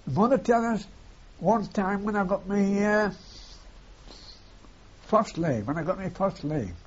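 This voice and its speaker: A man's voice: high voice, lively intonation, measured pace. An older man, reminiscing in a rambling way and ending his phrases with "see". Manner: rambling, repeats phrases, tags lines with "see". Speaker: war veteran interviewee. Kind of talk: oral history reminiscence. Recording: dull lo-fi tape with faint hiss.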